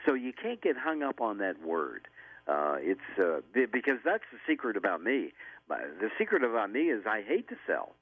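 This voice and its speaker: A man's voice: fairly low pitch, sing-song, moderate pace, slightly rough, no room sound. An older man, a radio interview guest, talking earnestly and often repeating words as he starts a thought. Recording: tinny phone line.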